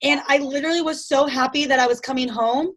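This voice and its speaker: High-voiced chatty young woman. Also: fairly even intonation, quick pace, a bit bright. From United States. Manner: chatty storytelling, frequent "like" fillers. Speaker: interview guest. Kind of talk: casual conversation.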